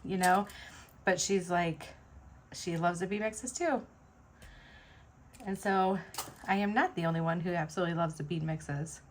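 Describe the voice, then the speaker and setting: Rambling, chatty woman crafter, lowish voice. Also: a little slow, pauses often, slight background noise. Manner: chatty, rambling, many fillers. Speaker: jewelry-making vlogger. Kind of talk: casual chat while beading.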